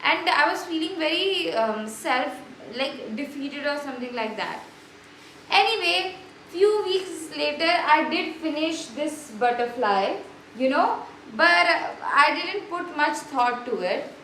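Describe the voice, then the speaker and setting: A woman's voice: sits high, expressive, slow, bright, forceful tone, reverberant, slight background noise, poor audio. A woman hosting a spiritual vlog, chatty and effusive, with many fillers and restarts. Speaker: spiritual channel host. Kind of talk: casual spiritual vlog talk.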